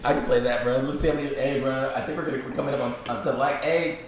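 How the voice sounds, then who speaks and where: A man's voice: medium pitch, fairly even intonation, very fast. A man hosting a casual livestream who jokes around and talks to the chat. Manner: joking, chatty, talks to the chat. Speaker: livestream host. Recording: echoey room, voice far from mic, faint noise.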